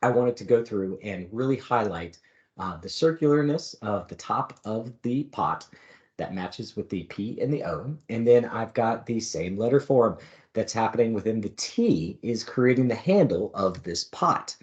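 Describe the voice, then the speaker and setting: Low-voiced man teaching a design demo. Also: measured pace, muffled recording. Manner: relaxed, explanatory, with fillers and light jokes. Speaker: design instructor. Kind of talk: screen-recorded design demo.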